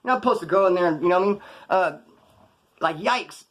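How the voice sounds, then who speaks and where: A man telling prison stories in a rapid, slangy monologue, acting out the voices of the people in them. He is from Kern County, California. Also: high voice, animated, fairly bright tone. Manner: rapid, slangy, quotes others in put-on voices. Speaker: prison storyteller vlogger. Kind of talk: fast casual storytelling monologue.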